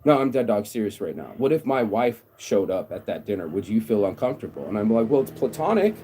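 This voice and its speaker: A man's voice: fairly low pitch, lively intonation, quick pace, mellow, slight background noise. A man delivering a blunt, profane rant straight to the camera in a casual vlog. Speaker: vlogger.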